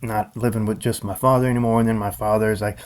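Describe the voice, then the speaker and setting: Rambling man with a low voice. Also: little pitch movement, quick pace. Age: adult. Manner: rambling, full of fillers and restarts. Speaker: vlogger. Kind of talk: rambling casual monologue.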